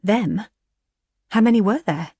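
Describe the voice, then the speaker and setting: A woman's voice: medium pitch, animated, a little slow, mellow, husky, dry recording, studio quality, pitched above the performer's own voice. A woman voicing a frightened young heroine calling out frantically. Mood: shaken.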